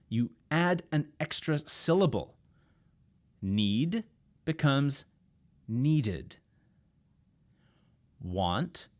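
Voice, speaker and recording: Man, English teacher, from Canada, slow careful enunciation, animated pitch. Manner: slow, clearly enunciated drills with repetition. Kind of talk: scripted pronunciation lesson.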